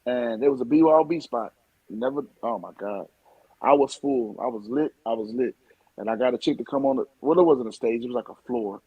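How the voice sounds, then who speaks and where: A man, a comedian telling loud, laughing stories in casual podcast chat and swearing freely. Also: mid-range voice, a little fast, slightly rough, no echo, lo-fi sound. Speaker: comedian guest.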